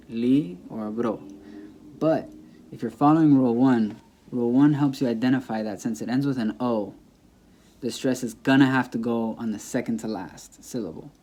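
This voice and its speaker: A man explaining a language lesson in a casual, patient way, repeating words slowly and checking in with the listener. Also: mid-range voice, dark tone. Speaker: Spanish teacher.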